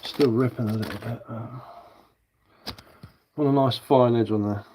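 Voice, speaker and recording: A man's voice: mid-range voice, steady tone, unhurried, warm tone, a little hiss or hum. A man with a southern English accent chatting casually on a live stream as he carves wood, rambling and answering viewer comments while he works.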